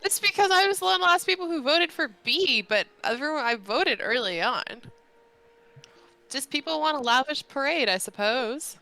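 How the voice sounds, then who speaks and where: A woman's voice: high voice, lively intonation, normal speed, pushed and bright. A woman co-hosting a game stream with casual, wry chat. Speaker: stream co-host.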